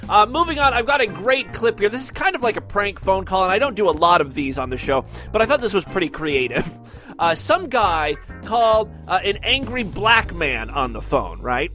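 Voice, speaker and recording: A man's voice: sits high, big pitch swings, normal speed, pushed and bright, soft background music. A man hosting a comedy radio show, cracking crude, mocking jokes in casual talk. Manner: joking, mocking, laughs at his own material.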